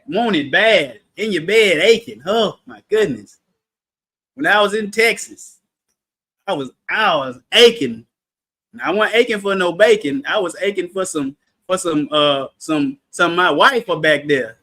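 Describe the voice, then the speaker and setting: A man with a very high, sharp and bright voice teaches a livestreamed Bible study. He talks in a playful, animated way and quizzes his listeners. Now and then he bursts into shouted emphasis. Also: a little slow.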